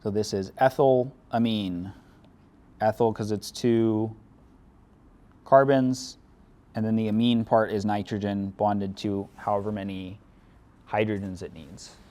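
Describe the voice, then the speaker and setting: A man's voice: on the low side, fairly even intonation, unhurried, pauses often, dark tone. A man teaching a chemistry lecture, explaining step by step in a casual way with dry sarcasm. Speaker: chemistry instructor. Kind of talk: classroom lecture.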